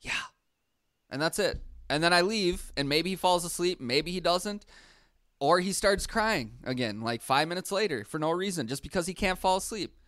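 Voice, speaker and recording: Podcast co-host, man, laid-back and teasing, slightly high voice, dry close mic. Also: expressive, normal speed, fairly bright tone, no room sound. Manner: easygoing, rambling, teasing. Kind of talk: casual sports chat.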